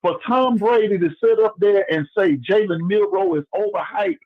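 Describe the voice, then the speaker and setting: A man calling in to a sports show, ranting loudly to fair-weather fans. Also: high-pitched, normal speed. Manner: loud, fired-up preaching rant. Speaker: caller and chat moderator. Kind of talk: phone-in rant. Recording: dull lo-fi phone call.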